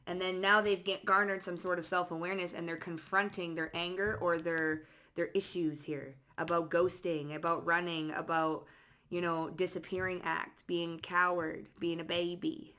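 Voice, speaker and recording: A woman's voice: fairly low pitch, flat delivery, normal speed, bright, forceful tone. Profane, sassy woman reading tarot. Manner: reads card phrases aloud in bursts. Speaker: psychic tarot reader. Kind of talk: casual tarot reading to camera.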